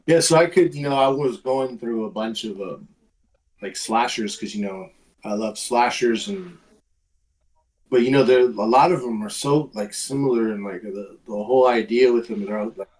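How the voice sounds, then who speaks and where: A man with a mid-range voice pitches a movie pick on a casual podcast. He speaks hesitantly, restarts his sentences, and leans on filler words between ideas. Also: moderate pace, a little mellow, recorded from a distance, rough recording. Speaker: podcast co-host. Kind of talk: casual chat.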